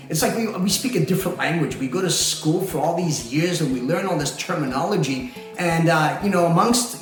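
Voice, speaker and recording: Faint music and heavy room echo surround this explainer talk to camera. The speaker, a man who is a company president, has a high voice with a fairly bright tone. He explains things conversationally, poses rhetorical questions, and laughs a lot.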